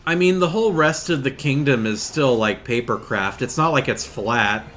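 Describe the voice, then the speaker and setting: A man's voice: mid-range voice, expressive, moderate pace, a bit bright. A man giving casual let's play commentary, musing aloud with fillers and self-corrections. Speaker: gameplay commentator.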